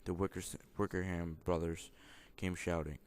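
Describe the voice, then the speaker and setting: A man's voice: low voice, little pitch movement, moderate pace, clean tone. A young man reading a children's picture book aloud, in a plain, mostly unvoiced way with small stumbles and self-corrections. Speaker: student reader.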